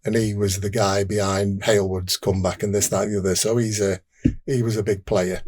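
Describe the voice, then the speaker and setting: A man's voice: fairly low pitch, level tone, fairly quick, darkish tone, husky. An older man with a Derbyshire accent, a former racer recounting his career in a rambling, casual way, restarting sentences and acting out dialogue. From England. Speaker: podcast guest, former motorbike racer. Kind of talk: casual interview storytelling.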